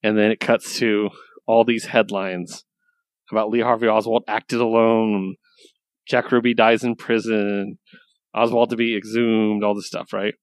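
Man, casual podcast co-host, low voice, rambling and excited, swears freely, dry close sound. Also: unhurried, no echo. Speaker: podcast co-host reviewing comics. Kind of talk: casual chat.

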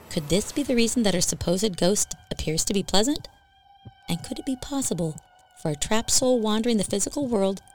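A woman telling a ghost story as scripted narration for a podcast, in an even, measured way. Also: mid-range voice, a little hiss or hum.

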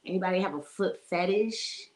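A woman's voice: lowish voice, normal speed. A woman in her forties hosting a casual live-streamed podcast, chatting freely, greeting viewers by name and laughing often. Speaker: podcast host.

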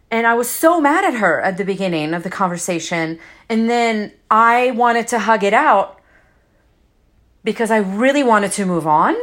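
A woman hosting a solo podcast, telling a personal story in an earnest, emotional, confessional way and repeating herself for emphasis. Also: mid-range voice. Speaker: podcast host.

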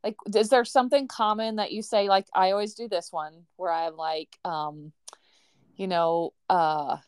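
A woman's voice: on the low side, fairly even intonation, measured pace, darkish tone, clean tone, dry recording. A woman hosting a podcast, chatting casually, asking her guest questions and laughing often. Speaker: podcast host. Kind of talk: casual interview chat.

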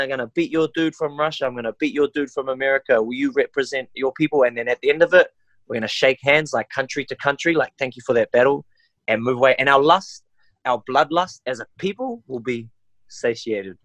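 Man, New Zealand accent, young adult, bright tone, dry sound, casual slangy chat. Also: medium pitch, brisk, no echo. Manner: animated, slangy, says "bro" and "eh". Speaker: MMA fighter guest. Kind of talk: casual podcast interview.

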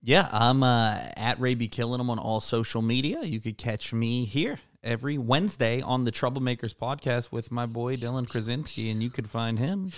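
A man's voice: mid-range voice, normal speed, hardly any pauses, no room sound, clean studio sound. A man co-hosting a comedy podcast, easygoing as he plugs the show. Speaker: podcast co-host. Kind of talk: casual podcast chat.

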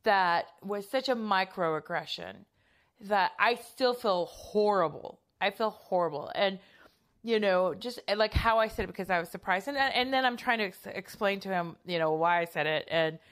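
A woman's voice: medium pitch, normal speed, fairly bright tone. A woman telling a story in casual podcast chat, rambling and self-conscious with many fillers and restarts.

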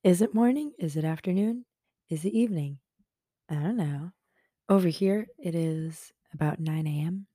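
Young woman, solo podcast host at home in bed; low, mellow, unhurried, rambling and self-mocking, often half-whispered. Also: no echo, studio quality. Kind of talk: casual solo podcast chat. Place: bedroom at home.

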